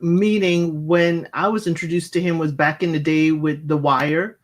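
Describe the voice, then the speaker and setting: An American speaker with West Indian roots co-hosting a casual chat, explaining things in a measured way with frequent fillers. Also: medium pitch, fairly even intonation.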